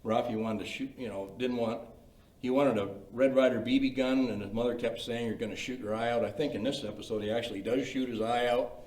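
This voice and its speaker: A man's voice: medium pitch, steady tone, brisk, a little mellow. An older man leading a creative writing workshop, telling anecdotes in a folksy, chatty way with many "you know" fillers. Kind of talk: informal lecture with anecdotes. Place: library meeting room. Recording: roomy sound from a distant mic.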